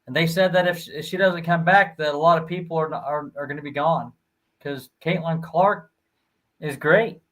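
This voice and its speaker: Higher-voiced halting stream co-host. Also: male voice, fairly bright tone, low-quality recording. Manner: halting, stumbles and restarts when telling a story. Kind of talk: casual live-stream sports chat.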